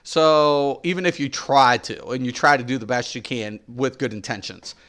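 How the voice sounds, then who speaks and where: A man's voice: medium pitch, moderate pace, a bit bright. A middle-aged man streaming games, ranting with exasperation, repeating his points emphatically and swearing as he talks to his viewers. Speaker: game streamer.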